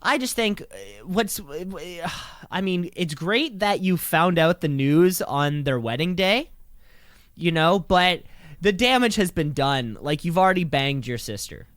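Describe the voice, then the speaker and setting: Young male podcast co-host, crude rambling humor, smooth tone, dry booth sound. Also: sits high, animated, a little slow, fairly bright tone, no room sound. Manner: crude, joking, rambling with restarts. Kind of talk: casual comedic chat.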